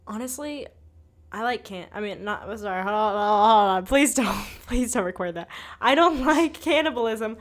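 Young woman podcast host, loose joking chatter, filler-heavy, mid pitch. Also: moderate pace. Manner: joking, excitable, many fillers. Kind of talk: casual chat.

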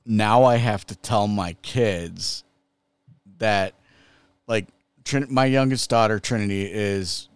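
A middle-aged man co-hosting a podcast, talking slowly with many restarts and frequent laughter. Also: lowish voice, clean tone, dry recording. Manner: laughs often, slow and halting with restarts. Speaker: podcast co-host. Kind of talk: casual podcast chat.

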